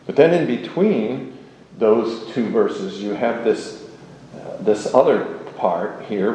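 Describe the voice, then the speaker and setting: A man giving a classroom lecture, speaking in a measured, deliberate way with pauses and fillers. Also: medium pitch, warm tone. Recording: echoey room, faint room noise.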